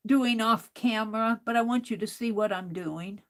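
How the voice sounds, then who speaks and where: A woman's voice: fairly high pitch, fairly bright tone. A woman hosting a crafting livestream, chatting casually and talking to herself while she works. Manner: slow, chatty, talks to herself while working.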